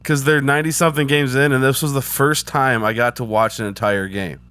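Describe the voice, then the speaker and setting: Podcast cohost dude, mid voice, dry little jokes, casual chat. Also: male voice, medium pitch, fairly even intonation, fairly quick, bright, forceful tone, clear, resonant tone. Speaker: podcast co-host.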